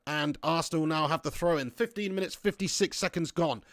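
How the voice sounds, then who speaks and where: Chatty guy hosting a football watch-along, jokey rambling banter, slightly high voice, dry sound. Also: brisk, fairly bright tone, no echo. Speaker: livestream host reading viewer chat.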